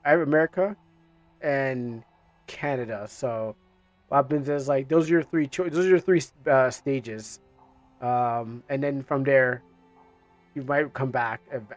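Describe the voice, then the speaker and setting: A man's voice: medium pitch, dry recording, highs cut off. A man streaming a game, chatting casually and rambling with many fillers and restarts.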